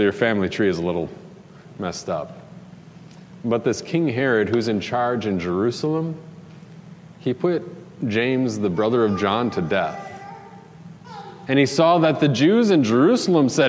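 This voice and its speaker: A man preaching a sermon as a pastor, telling stories in a conversational way and lifting his voice for emphasis. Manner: conversational storytelling preacher, lifts pitch and volume for emphasis. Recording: long church reverb, faint room noise.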